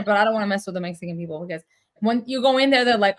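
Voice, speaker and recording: A woman with a mid-range voice talks in rapid-fire fashion as a co-host of a casual chat podcast. She is chatty and given to sarcastic asides.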